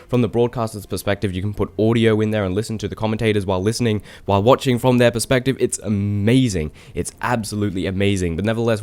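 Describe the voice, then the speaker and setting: A young man from Australia casts a game replay on his own, chatty and quick to poke fun at himself. His voice sits fairly low. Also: darkish tone. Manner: chatty, self-deprecating asides. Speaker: esports caster. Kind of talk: solo game commentary.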